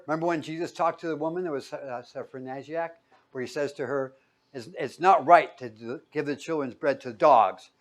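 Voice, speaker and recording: Preaching briskly, a male pastor asks his audience questions and supplies the answers himself, shifting between abrupt loud bursts and hushed, low asides.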